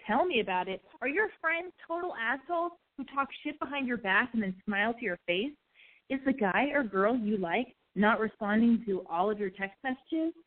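Brash, profane woman with a slight lisp. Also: a little high. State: congested from allergies. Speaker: call-in show host. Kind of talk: casual call-in podcast hosting. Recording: tinny phone-quality sound.

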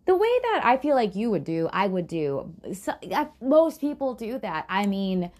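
A woman's voice: mid-range voice, very animated, normal speed, a little mellow. A woman hosting a true crime podcast, telling the story casually with sarcastic asides and swearing.

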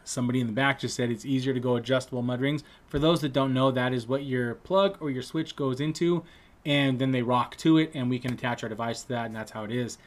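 A man's voice: mid-range voice, quick pace. Man telling a rowdy story. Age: adult trade-school student. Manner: animated, profane, acts out other people's lines. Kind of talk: casual storytelling.

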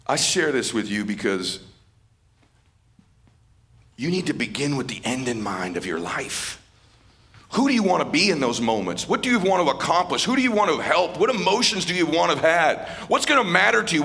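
Fervent, gravelly motivational speaker, man. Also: a little high, very animated, fairly quick, pushed and bright. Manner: fervent, repeats phrases for emphasis. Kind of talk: live motivational speech. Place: live event stage.

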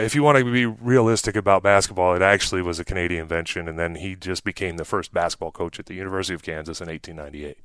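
A man in his forties, a former pro athlete telling stories as a podcast guest, with an animated, sarcastic streak. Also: low voice, dry recording. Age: 40s. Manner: animated storyteller who acts out quotes, with a sarcastic streak. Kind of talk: casual interview conversation.

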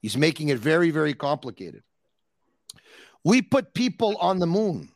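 A man, hosting a casual call-in podcast. He teases his caller playfully, stretching his words for emphasis. His voice sits a little high and sounds dry and close. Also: big pitch swings, creaky, no echo. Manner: teasing, playful, drawn-out emphasis. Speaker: podcast host.

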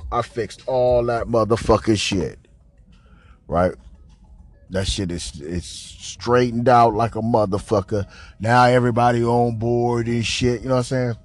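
A man hosting a podcast, telling a profane, animated rant about his job in a casual venting monologue. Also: mid-range voice, a little slow, dry recording, faint music behind. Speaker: podcast host.

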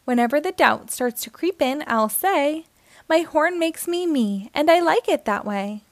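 A woman voicing an eager, earnest young girl seahorse with a unicorn horn in a rhyming storybook read-aloud, in a gently expressive sing-song manner. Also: high voice, unhurried, no echo. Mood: cheerful.

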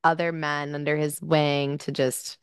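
A woman's voice: deep voice, little pitch movement, measured pace, clean tone, no echo, clean studio sound. A young woman co-hosting a podcast in casual, blunt chat. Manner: blunt, swears freely. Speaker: podcast co-host.

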